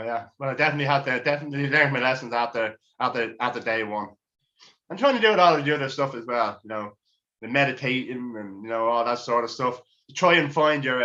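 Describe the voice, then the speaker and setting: A man's voice: mid-range voice, bright, forceful tone, highs cut off. A middle-aged man doing a crude, rambling, self-mocking stand-up routine. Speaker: stand-up comedian.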